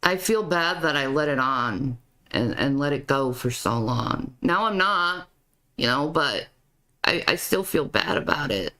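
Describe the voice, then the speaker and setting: A woman's voice: a bass voice, lively intonation, a little slow, sharp tone. A woman commenting on a video clip, often stammering and repeating her words. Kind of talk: reaction commentary.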